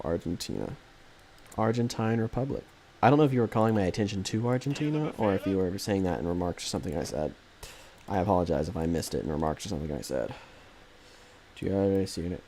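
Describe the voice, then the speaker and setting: A man's voice: low voice, animated, quick pace, darkish tone, slight background noise. A man streaming a strategy game live, commentating casually in a rambling, jokey way that keeps correcting itself.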